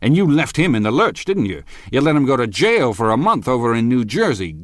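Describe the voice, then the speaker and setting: A man's voice: on the low side, lively intonation, moderate pace, no echo, studio quality, close to an everyday voice. A man voicing a domineering wealthy man who speaks in a blustering, accusing way.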